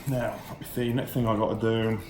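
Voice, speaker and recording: A man's voice: lowish voice, level tone, brisk, close to an everyday voice. A man doing a cheeky TV chef. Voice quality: chatty, slangy, self-amused. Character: cheeky cockney-ish male celebrity chef parody. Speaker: host. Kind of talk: mock cooking tutorial. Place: home kitchen. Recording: echoey kitchen with background noise.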